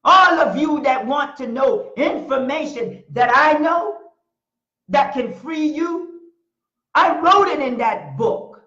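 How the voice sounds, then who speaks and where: A woman's voice: high-pitched, expressive, slow pace, fairly bright tone. A middle-aged woman hosting a talk show, preaching in a fiery, declarative way and repeating phrases for emphasis. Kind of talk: impassioned preaching monologue. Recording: echoey room, dull lo-fi sound.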